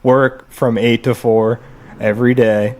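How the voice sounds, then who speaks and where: A man's voice: medium pitch, flat delivery, unhurried, a little hiss or hum. A man co-hosting a podcast in casual chat, laid-back and giving short answers.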